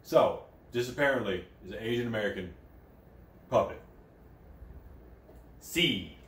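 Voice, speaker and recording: A man's voice: lowish voice, animated, measured pace, slight background noise. Profane rambling man in an echoey room. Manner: profane, rambling, swings into loud outbursts. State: high. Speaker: host of a comedy news show. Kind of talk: crude satirical news commentary. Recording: echoey room, mic at a distance.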